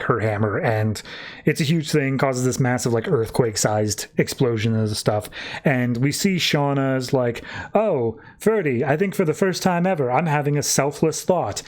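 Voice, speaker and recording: A man at a mid-range pitch runs through a comic's plot in a relaxed podcast voice. He talks loosely, leans on filler words and drops into quick paraphrases of the characters as he goes. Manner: loose, chatty retelling peppered with "like". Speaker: podcast host. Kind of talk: casual comic book recap.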